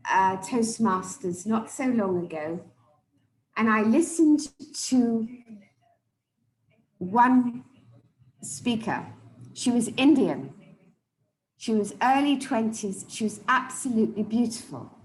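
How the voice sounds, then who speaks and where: A woman coaching public speakers live, emphatic and deliberate, often repeating key words for stress. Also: on the high side, very animated, roomy sound, a little hiss or hum, poor audio. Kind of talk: live speech evaluation to an audience.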